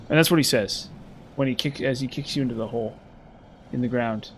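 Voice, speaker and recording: A man's voice: mid-range voice, fairly even intonation, a little fast, a bit bright, slight background noise. A man giving casual, rambling and sarcastic commentary while playing a video game. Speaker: gameplay commentator.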